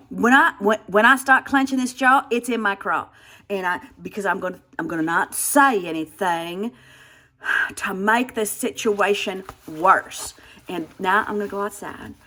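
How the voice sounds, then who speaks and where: Lowish, bright and forceful, this woman's voice belongs to a comedic vlogger in her sixties performing a satire of herself. Her comic monologue rambles as she vents in exasperation, sighing often and restarting.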